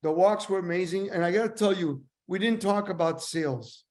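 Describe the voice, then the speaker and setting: An older man reminisces in a loose, rambling way, slipping into lively impressions of the people he talks about. His voice sits a little high for a man. He is a sales trainer chatting as a guest. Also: a little fast. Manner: animated, rambling anecdotes with voice impressions. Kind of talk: casual storytelling.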